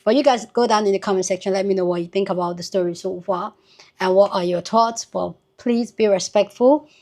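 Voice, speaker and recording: A woman's voice: medium pitch, fairly quick, mellow. A woman hosting her channel, talking casually and directly to her viewers. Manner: casual, direct address to the audience. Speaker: channel host.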